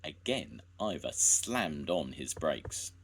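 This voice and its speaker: An older man, a grandfather, reading a children's story aloud in a slow, gentle way. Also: a bass voice, very animated, husky.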